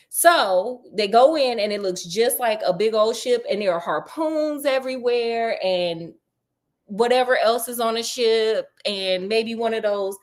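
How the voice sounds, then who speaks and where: A woman casually retelling a story with sassy, slangy remarks and deadpan asides. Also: a little high, measured pace.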